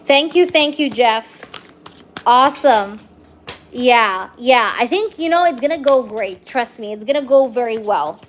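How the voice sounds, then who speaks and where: A woman's voice: a little high, lively intonation, unhurried, a little hiss or hum. A young woman giving a live-streamed tarot reading, chatty and reassuring, filling her talk with "um" and "okay?" checks. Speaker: tarot reader.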